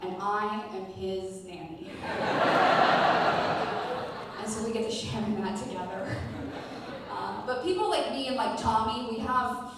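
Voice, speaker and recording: Woman comic doing deadpan stand-up, live hall, sounds far off and echoey, crowd murmur behind. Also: medium pitch, unhurried, long pauses. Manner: deadpan storytelling with filler ums. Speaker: stand-up comedian. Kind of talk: stand-up comedy set. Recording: echoey hall from a distance, audience noise.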